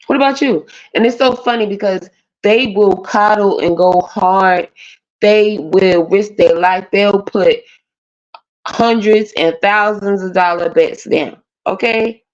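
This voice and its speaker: A woman's voice: mid-range voice, takes it slowly. A woman, ranting bluntly and profanely as a panelist on a live stream. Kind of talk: casual rant on a live panel. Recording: dull lo-fi stream audio.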